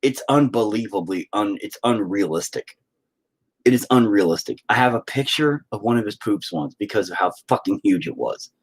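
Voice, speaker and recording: Husky low-voiced dad on a live stream, swears a lot, rambles, voice jumps all over. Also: male voice, normal speed. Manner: profane, rambling, animated with mock voices. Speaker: livestreamer and father. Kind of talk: casual live-stream rant.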